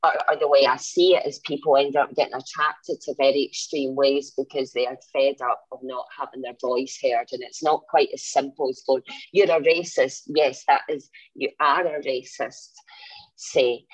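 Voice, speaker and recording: A woman's voice: extremely low pitch, flat delivery, normal speed, husky, no echo. A woman speaking earnestly in casual talk, rambling and growing impassioned. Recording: dry, dull recording.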